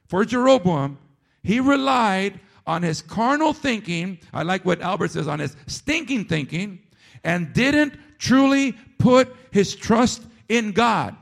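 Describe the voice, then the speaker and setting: Man, pastor, sermon, high voice, gravelly edge, emphatic, repetitive rhythm. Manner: emphatic preaching, swinging between loud and hushed; repeats phrases for rhythm.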